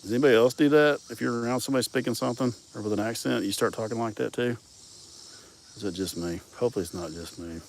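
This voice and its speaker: A man's voice: medium pitch, fast, creaky, a little hiss or hum. A man from Arkansas with a Southern accent, telling rambling, profane stories in a casual vlog, his words running together. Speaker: vlogger.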